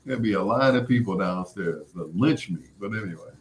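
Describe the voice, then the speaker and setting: Middle-aged guy, lowish voice, rambling chatty storytelling full of "you know"s. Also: expressive, brisk, a little hiss or hum. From Chicago area. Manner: rambling, many "you know" fillers, acts out quoted lines. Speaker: podcast host. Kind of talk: casual storytelling chat.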